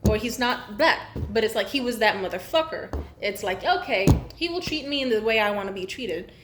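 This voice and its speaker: A woman's voice: on the high side, lively intonation, brisk, echoey room, noisy background. Blunt, profane young woman ranting. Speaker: vlogger. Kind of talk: casual rant to camera.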